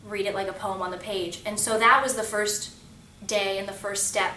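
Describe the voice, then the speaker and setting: Young actress in a roomy space. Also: female voice, medium pitch, fairly even intonation, moderate pace, pushed and bright. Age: young adult. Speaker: stage actress. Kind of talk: interview about a role. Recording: roomy, distant mic, faint noise.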